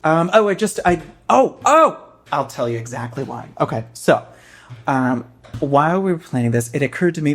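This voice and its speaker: Gravelly-voiced man, dry and theatrical. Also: fairly high pitch, sing-song, normal speed. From United States. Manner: dry, theatrical, self-mocking. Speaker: podcast co-host. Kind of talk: casual comedic chat.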